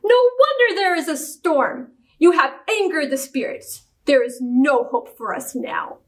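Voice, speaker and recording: A scornful witch doctor in a storybook, voiced by a woman reader. He sneers and snaps his words harshly, and his voice keeps the reader's high pitch. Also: expressive, measured pace. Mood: alarmed. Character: angry middle-aged male witch doctor.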